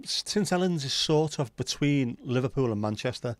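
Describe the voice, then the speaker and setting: With a medium-pitched voice and lively intonation, a man hosts a casual livestream at a moderate pace, going through viewer comments. His banter is loose and heavy on swearing, and the audio has no echo.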